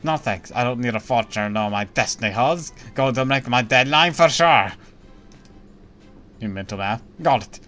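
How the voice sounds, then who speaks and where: A man's voice: medium pitch, moderate pace, soft background music. A man reading as a brash, sleepless manga artist. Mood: determined. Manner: brash, bossy, excitable. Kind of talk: reading game dialogue aloud on a stream.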